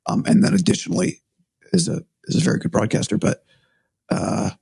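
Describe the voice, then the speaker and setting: A hoarse man whose raspy, breathy voice sits unusually high and swings widely in pitch, with a gravelly edge throughout. He talks in a thoughtful, hedging way in a casual podcast chat. The sound is dry and close. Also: big pitch swings, fairly quick, mellow, no room sound. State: hoarse after vocal cord surgery. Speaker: sports broadcaster.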